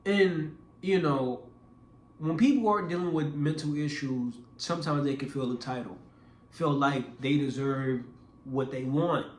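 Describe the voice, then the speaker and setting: Young guy vlogger, slightly high voice, animated storyteller who stumbles and restarts, roomy echo. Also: a little slow. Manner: animated, acts out quoted voices; casual, repeats words and restarts. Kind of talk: casual storytelling.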